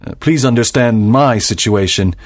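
A man's voice: medium pitch, normal speed, lightly acted. A man voicing a stern, proud doctor and father in a dramatized audiobook, speaking formally and with emphasis.

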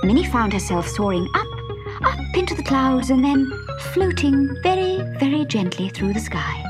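A woman narrating a children's storybook with an expressive, animated reading. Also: sits high, moderate pace. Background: background music.

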